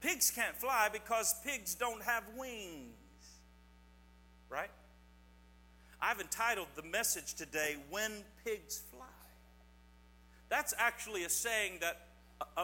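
A man's voice: high-pitched, animated, measured pace, bright, forceful tone. Give me a playful male pastor joking with kids. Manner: playful, teasing, quizzes the audience. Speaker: pastor giving a children's message. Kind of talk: children's sermon with corny jokes. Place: church sanctuary. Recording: long church hall reverb, faint mains hum.

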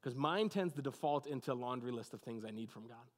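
A pastor delivering a sermon in a conversational way, often adding "like" and "you know what I mean". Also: male voice, medium pitch, lively intonation, quick pace.

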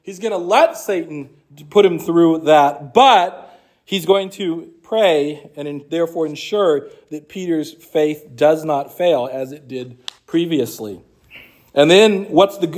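A man's voice: fairly high pitch, a little mellow. A man teaching an apologetics class, explaining scripture in a conversational way and reading passages aloud.

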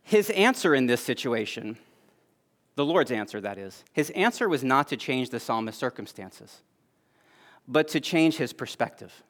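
A man preaching a sermon as pastor, earnest, rising to emphatic peaks and then dropping soft and low. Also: big pitch swings, normal speed.

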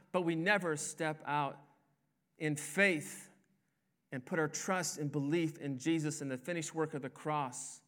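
A man's voice: fairly high pitch, fairly even intonation, measured pace, fairly bright tone. A man preaching a sermon as a pastor, with an emphatic delivery that rises and falls. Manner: emphatic, rising and falling preaching cadence.

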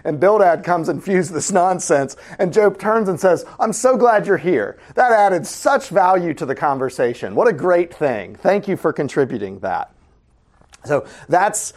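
A man teaching a casual Bible study, animated and conversational, asking the class questions. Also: fairly high pitch.

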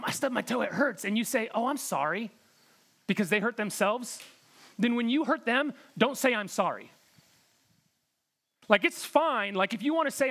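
A man's voice: high-pitched, a bit bright. A man preaching a sermon in an earnest, direct way, often repeating words for emphasis. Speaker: pastor.

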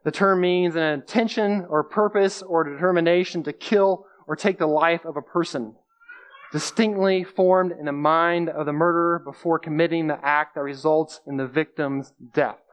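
A man's voice: fairly high pitch, steady tone, moderate pace, muffled recording. A man giving a conversational sermon, explaining scripture plainly and repeating key phrases for emphasis. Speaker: preacher.

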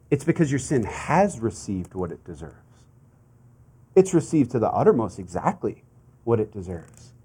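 Lively, animated man preaching a sermon. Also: mid-range voice, slightly rough. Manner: conversational preaching, building to fervent emphasis; asks the congregation rhetorical questions. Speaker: pastor.

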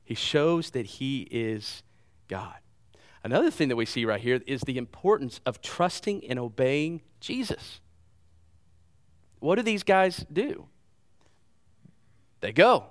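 A middle-aged man preaching a sermon as pastor, animated, with loud bursts and repeated words. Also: mid-range voice, a little slow, pauses often.

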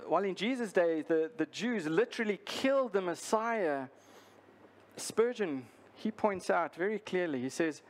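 A male pastor preaching a sermon, earnest and deliberate, repeating his key lines for emphasis. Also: sits high, animated.

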